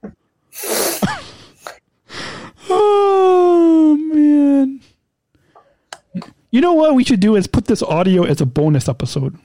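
A man's voice: high voice, wildly swooping pitch, moderate pace, long pauses, dark tone, dry recording. A man co-hosting a podcast in a casual chat, playful and teasing, who laughs often. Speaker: podcast co-host.

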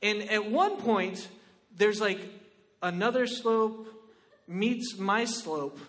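High-voiced animated male comedian. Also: takes it slowly, long reverb tail. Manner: animated, exclamatory, frequent rhetorical "right?". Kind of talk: stand-up storytelling.

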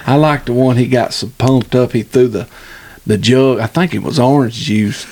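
Dad, middle-aged, drawling casual podcast chatter, even voice. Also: male voice, medium pitch, moderate pace. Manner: drawling, teasing, Southern slang. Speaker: podcast co-host, father. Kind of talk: casual chat.

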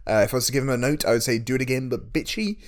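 A man's voice: mid-range voice, racing. A man co-hosting a casual chat, cutting in with corrections and teasing remarks. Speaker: podcast co-host.

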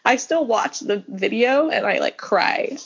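A woman's voice: on the high side, animated, unhurried, creaky, husky. Chatty young woman on a podcast. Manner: chatty storytelling, many fillers. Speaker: podcast guest. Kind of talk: casual interview. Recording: slightly dull lo-fi audio.

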